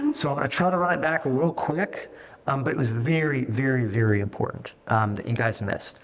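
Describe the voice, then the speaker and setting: A middle-aged man, a company founder, talking fast and casually to his staff, swearing freely and acting out little voices as he goes. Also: medium pitch, vocal fry, big-room sound. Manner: fast, profane, animated, acts out voices. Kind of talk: casual meeting talk to staff.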